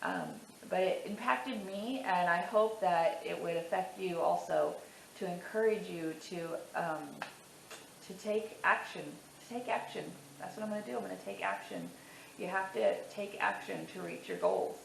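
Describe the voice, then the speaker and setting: A woman's voice: lowish voice, sing-song, moderate pace, creaky, echoey room, a little hiss or hum, rough recording. A woman talking candidly to camera about her weight loss, emotional and teary, repeating herself for emphasis. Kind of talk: casual to-camera vlog.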